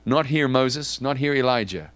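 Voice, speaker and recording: A man's voice: medium pitch, normal speed, clean tone, dry recording. Emphatic male preacher, dry sound. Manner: animated, emphatic, repeats words when restarting. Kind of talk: sermon teaching.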